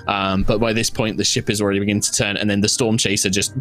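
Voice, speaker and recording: A man narrating as game master, animated and full of fillers. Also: lowish voice, quick pace, faint music behind.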